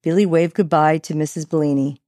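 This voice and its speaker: A woman's voice: low-pitched, steady tone, brisk, warm tone, no echo. Author reading her own novel, woman, wry first-person narration, dry close mic.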